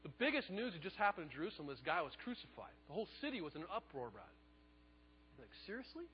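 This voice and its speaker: A man preaching a sermon, telling the story in a lively way and acting out the quotes. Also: on the high side, fast talker, in a large hall, muffled recording, a little hiss or hum. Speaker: pastor.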